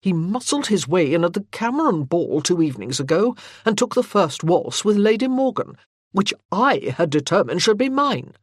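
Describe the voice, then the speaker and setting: A narrator voicing an irritated, possessive young army captain who speaks in an indignant, blustering way. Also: male voice, high voice, sing-song, moderate pace, dry recording, studio quality.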